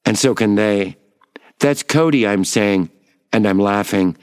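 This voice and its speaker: A man giving a measured, wry first-person reading of a personal memoir. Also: on the low side, flat delivery, clean tone, dry recording, studio quality.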